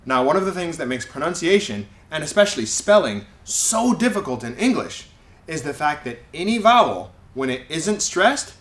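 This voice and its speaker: A man teaching English pronunciation to learners, leading clear, drawn-out repeat-after-me sound drills. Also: on the high side, very animated, a bit bright. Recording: echoey room.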